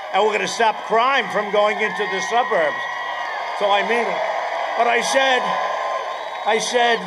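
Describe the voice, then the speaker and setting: A man in his seventies giving a rally speech, rambling through sarcastic asides, repeating phrases and breaking into shouts. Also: high-pitched, very noisy. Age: 70s. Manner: bursts into shouting. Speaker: politician addressing a rally.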